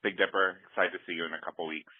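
A man's voice: low-pitched, fairly even intonation, racing, dry recording, phone-quality sound. A man living in Boise leaving an offhand, wry voicemail for a podcast. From Boise, Idaho. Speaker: caller. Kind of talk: voicemail message.

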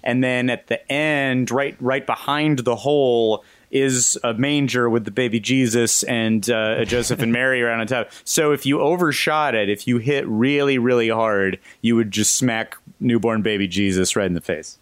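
A man's voice: mid-range voice, steady tone, normal speed, hardly any pauses, clear, resonant tone, dry recording. A man co-hosting a casual comedy podcast over a video call, rambling and laughing through jokey asides. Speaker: podcast co-host.

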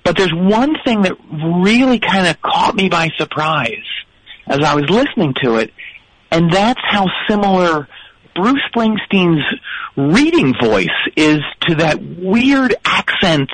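A man's voice: sits high, big pitch swings, slow pace, a bit bright, low-quality recording. A man calling in to a radio show, rambling hesitantly through a story. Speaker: caller. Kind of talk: casual phone-in chat.

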